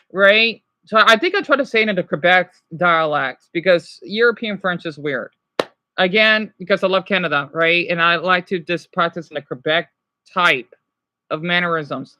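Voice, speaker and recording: A man's voice: high voice, moderate pace, pushed and bright, dry recording, dull audio. A man casually teaching French words on a livestream, rambling and correcting himself while answering chat.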